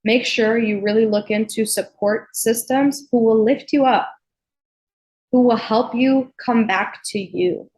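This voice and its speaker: A young woman hosting her own podcast, talking earnestly and warmly to listeners, with frequent "like" fillers. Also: a little high, steady tone, measured pace. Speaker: podcast host. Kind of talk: personal solo podcast.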